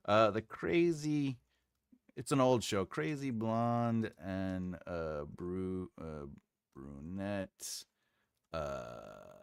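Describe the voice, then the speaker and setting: A writing livestream host with a mid-range, fairly bright, clear and resonant voice reads out viewer comments on a casual stream. He rambles, trails off while hunting for names, and laughs often. The sound is clean studio audio with no echo.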